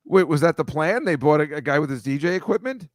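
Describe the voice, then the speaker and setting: A man's voice: fairly high pitch, lively intonation, quick pace, dry recording, clean studio sound. A man hosting a casual video-call chat over shared slides, rambling, wry and mocking, swearing freely. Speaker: host.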